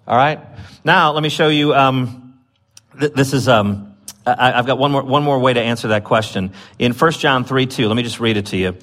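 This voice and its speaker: A male pastor gives a loose, talkative sermon at an ordinary mid-range pitch. He trips over his words, fills gaps with "um" and "uh", and lifts his voice when he quotes scripture. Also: moderate pace, a bit bright. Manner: chatty, with many fillers and restarts, rising when reading scripture. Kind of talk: conversational sermon.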